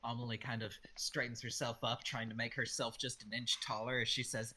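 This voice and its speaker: A man playing a tabletop game, narrating his character's actions in a quiet, matter-of-fact way. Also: mid-range voice, level tone, a little fast, hardly any pauses, breathy edge. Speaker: player.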